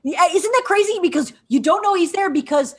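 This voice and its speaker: A woman co-hosting a casual podcast about a film, talking animatedly and acting out the characters' lines in quick bursts. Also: very high-pitched, animated. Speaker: podcast co-host. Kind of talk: casual film discussion over drinks.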